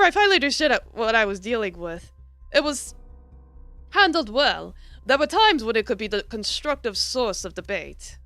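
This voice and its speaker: A woman's voice: on the high side, sharp tone, dry recording. A woman voicing a polished older male criminology professor with a put-on mock British accent, formal and long-winded, as she reads a visual novel aloud.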